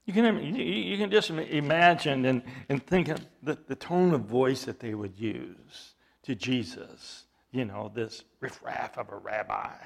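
Slow, gravelly preacher man. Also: medium pitch. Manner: reads scripture aloud with dramatic emphasis; slow and deliberate, with rising intensity. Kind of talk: expository sermon.

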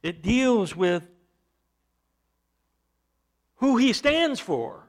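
A man's voice: sits high, expressive, slow, a bit bright. A man preaching a sermon, teaching from scripture in an emphatic way, with bursts of volume.

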